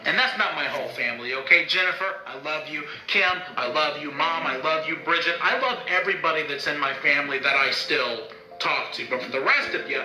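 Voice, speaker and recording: Indoors, talking to his own camera, a YouTuber delivers a bitter, heated vlog rant full of swearing. His voice is fairly high and sharp, brisk with few pauses. The recording has a roomy echo and faint music.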